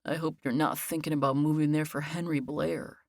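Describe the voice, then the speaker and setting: A woman's voice: low-pitched, little pitch movement, a little fast, darkish tone, no echo, clean studio sound. A woman narrator voicing a jealous, clingy young man who speaks in an insistent, warning tone. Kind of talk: audiobook character voice.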